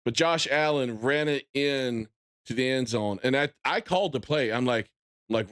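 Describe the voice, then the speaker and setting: A gaming streamer in his thirties talks casually on a live stream in a mid-range voice at normal speed, getting animated and loudly excited whenever he retells something.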